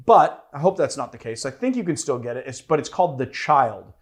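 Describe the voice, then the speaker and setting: A man's voice: a little high, sing-song, fast, hardly any pauses. A man hosting a cocktail show in casual chat, playfully teasing his co-host.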